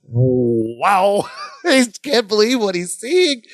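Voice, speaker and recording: Give me a podcast co-host chatting about a sitcom, very lively, with a dry sound. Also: mid-range voice, moderate pace, dry recording. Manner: animated, acts out quotes in character voices. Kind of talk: casual chat recapping a sitcom.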